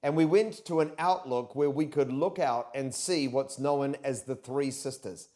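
A young man preaching a sermon, telling stories loudly and with energy. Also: mid-range voice, unhurried. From New Zealand. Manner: loud, animated storytelling with sudden shouts. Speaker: pastor.

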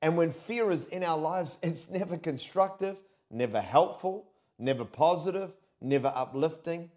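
A young man preaching a sermon, telling stories loudly and with energy. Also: on the high side, moderate pace. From New Zealand. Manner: loud, animated storytelling with sudden shouts. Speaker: pastor.

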